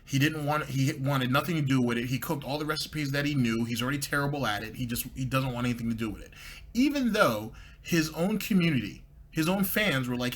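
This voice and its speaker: A man's voice: mid-range voice, brisk. A man hosting a commentary show, reacting to clips with dry, mocking asides and sarcastic remarks. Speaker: commentary host.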